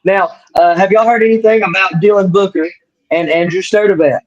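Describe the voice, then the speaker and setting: A man's voice: high voice, brisk. A man hosting a casual podcast chat, telling stories and acting out quotes. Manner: animated storyteller, acts out quotes. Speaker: host. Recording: dull lo-fi sound.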